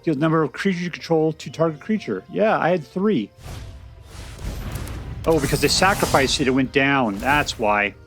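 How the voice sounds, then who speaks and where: A man giving casual, chatty commentary on a card game he is playing, thinking out loud with restarts and bursts of excitement. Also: on the high side, normal speed, soft background music. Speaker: game streamer. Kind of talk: casual gameplay commentary and deck review.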